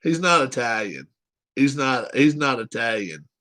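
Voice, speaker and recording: A man's voice: mid-range voice, lively intonation, a little slow, sharp tone. A man hosting a casual live chat show, reading viewer comments aloud and teasing them with frequent laughs.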